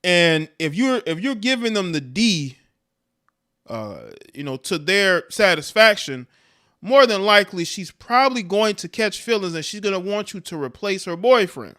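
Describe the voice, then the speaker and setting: A man's voice: high-pitched, lively intonation, normal speed, sharp tone. A man hosting a livestream, giving blunt, profane commentary on clips and chat with frequent laughs. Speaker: livestream host reacting to clips.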